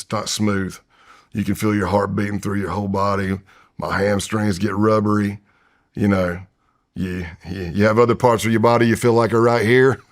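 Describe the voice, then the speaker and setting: Gravelly low-voiced guy in his 50s, ex-undercover agent spinning a story, acts out his own voice and whispers. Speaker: retired FBI undercover agent, podcast guest. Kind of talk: storytelling in a long-form interview.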